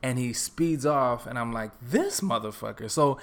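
A young man from Texas hosting a solo podcast, telling a story in a relaxed, joking, rambling way with lots of fillers. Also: mid-range voice, measured pace, clear, resonant tone. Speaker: podcast host. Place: his apartment.

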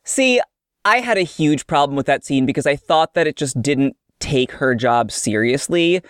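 Dry deadpan film-chat co-host. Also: mid-range voice, moderate pace, clean tone, dry recording. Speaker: podcast co-host. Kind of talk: casual film-review chat.

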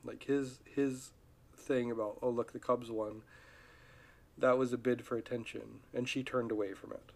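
A man's voice: medium pitch, normal speed, gravelly. A man hosting his own podcast, talking casually in a loose, rambling way with frequent restarts. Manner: rambling, relaxed, with many restarts. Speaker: podcast host. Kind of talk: casual solo podcast talk.

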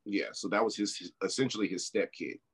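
A man co-hosting a casual podcast, telling a story in a loose, relaxed way. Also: lowish voice, brisk, husky. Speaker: podcast co-host.

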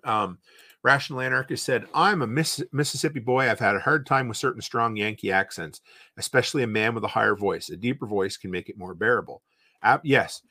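Rambling Eastern Canadian podcast host. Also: male voice, medium pitch, brisk, bright, forceful tone. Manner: rambling, reads viewer comments aloud and reacts. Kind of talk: casual livestream chat.

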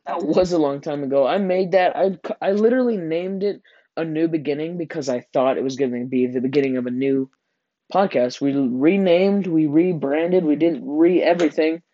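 A man's voice: on the high side, moderate pace, no echo, lo-fi sound. A teenage boy hosting a casual podcast with a friend, rambling and joking with frequent laughs. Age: teens. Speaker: podcast host.

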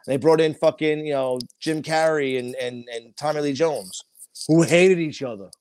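A man co-hosting a casual chat, talking profanely and acting out quotes in loud, shouted voices. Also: a little high, moderate pace, clear, resonant tone.

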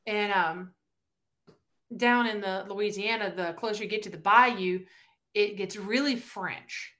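A Southern woman from Tennessee, guesting on a podcast, tells stories in a lively way and plays out the quotes herself during the casual interview. Her pitch is medium and her delivery a little slow.

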